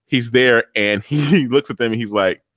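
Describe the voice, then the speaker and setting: A man's voice: medium pitch, normal speed, fairly bright tone, no room sound, clean studio sound. A man hosting a show recap, joking through tangents and laughing at his own stories. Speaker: host. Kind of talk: casual recap chat.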